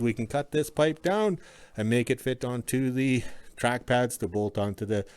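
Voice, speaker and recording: A man's voice: medium pitch, moderate pace, a little mellow, clean tone, no room sound. A man rambling in a folksy, casual way as he shows his workshop and yard. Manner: rambling, folksy, self-correcting. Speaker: vlogger, homesteader. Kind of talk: casual walk-around narration. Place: workshop and yard in the cold north.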